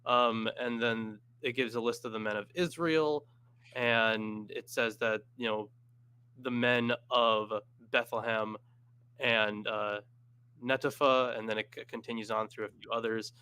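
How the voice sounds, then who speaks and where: Bright, clear-voiced man thinking aloud. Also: medium pitch, steady tone, unhurried. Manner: thinks aloud while looking up references, hesitant. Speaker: panelist. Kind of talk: casual discussion.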